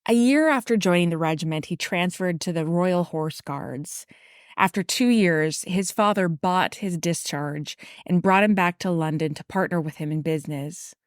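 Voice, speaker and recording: Low-voiced woman narrating a history podcast. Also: moderate pace, dry recording, studio quality. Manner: reads from a prepared script with casual asides and occasional slips. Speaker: podcast host. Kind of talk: scripted true crime and history narration.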